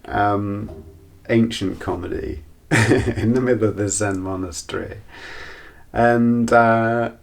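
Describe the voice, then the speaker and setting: Low gravelly guy just rambling thru a story, reflective, lots of asides. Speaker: channel host. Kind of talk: casual storytelling monologue.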